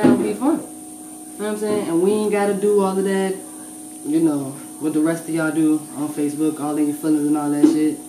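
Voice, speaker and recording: A woman battle rapper speaking in a blunt, profane, emphatic way during a casual interview. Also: mid-range voice. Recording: echoey room, distant mic, noisy.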